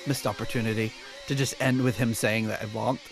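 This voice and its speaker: A man's voice: medium pitch, fairly even intonation, brisk. A man co-hosting a casual music podcast, reviewing an album track in a joking way and laughing often. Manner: jokey, laughs often, puts on silly voices. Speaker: podcast co-host.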